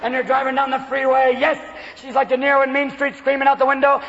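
A male stand-up comedian performing a manic routine, shouting and jumping in and out of voices before a live audience. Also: very high voice, steady tone, fast talker, few pauses, noisy background. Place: large venue with a live audience. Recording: lo-fi live hall recording with crowd.

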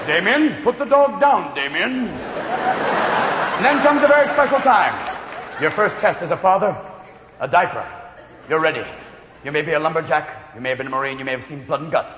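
A man doing a stand-up comedy routine in front of a live audience, talking manically and jumping into silly voices and shouts. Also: on the high side, animated, moderate pace, long pauses, dull audio. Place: large live venue before an audience. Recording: echoey live hall with loud crowd noise. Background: audience laughter and crowd noise.

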